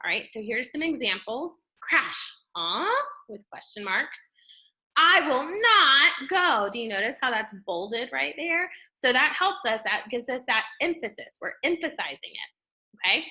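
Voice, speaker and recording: A woman teaching a classroom reading lesson. She explains step by step, checks in often with the class, and uses an expressive tone to show how to read. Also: a little high, normal speed. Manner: explanatory, checks in with "okay?" and "right?"; expressive, shifts tone to model reading.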